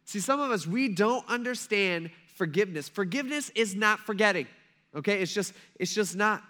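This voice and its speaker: A man preaching a sermon in a conversational way, asking rhetorical questions, acting out quotes, and swinging between loud stresses and hushed lines. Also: sits high, lively intonation, normal speed. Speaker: pastor.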